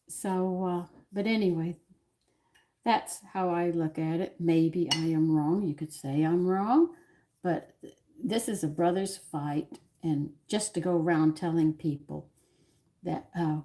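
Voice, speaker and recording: A woman's voice: on the low side, warm tone. A woman in her sixties hosting a home cooking stream from her kitchen, chatting in a rambling, opinionated way while greeting viewers. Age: 60s. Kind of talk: casual chat while cooking.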